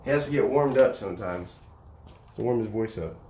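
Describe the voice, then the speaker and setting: A man's voice: lowish voice, expressive, a little fast, warm tone. Man, live streamer, sing-song dog talk, roomy echoey sound, faint background hum. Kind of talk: casual live-stream chat.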